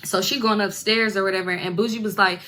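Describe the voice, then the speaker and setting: A bright-voiced young woman rambles through a casual storytime. She talks in slang and drops into other people's voices as she quotes them. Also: mid-range voice, steady tone, fast. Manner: chatty, slangy, acts out voices of relatives. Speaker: storyteller in a reacted video.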